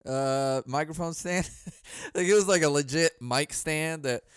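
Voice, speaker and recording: A man from Southern California hosting a casual solo podcast into a boom mic at home, swearing a lot, laughing often and bursting into loud mock yelling. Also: a little slow, clean tone, no echo, clean studio sound. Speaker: podcast host.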